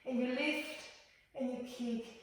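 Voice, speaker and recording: Gentle woman guiding a yoga class. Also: high-pitched, slow pace. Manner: calm, gentle cueing of breath and movement. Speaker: yoga teacher. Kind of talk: guided yoga class instruction. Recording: echoey room, voice from far off the mic.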